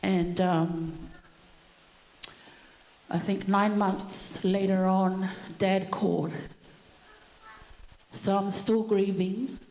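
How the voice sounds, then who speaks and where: A middle-aged woman giving a personal eulogy at a family funeral service, telling her story slowly with many pauses. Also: mid-range voice, steady tone, a little mellow. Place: church hall. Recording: echoey church hall.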